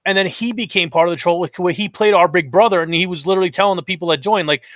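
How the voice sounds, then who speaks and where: A man's voice: high voice, quick pace, no room sound. A man co-hosting a casual podcast, telling stories animatedly and acting out quotes. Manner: animated storytelling, acts out quotes. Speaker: podcast co-host.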